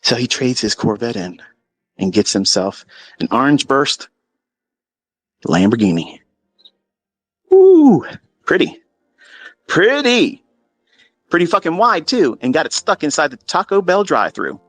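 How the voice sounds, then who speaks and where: A man's voice: medium pitch, animated, normal speed, a bit bright, slightly rough, dry recording. Blunt, profane man telling a story. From Maryland, USA. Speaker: trading educator. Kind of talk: casual storytelling monologue.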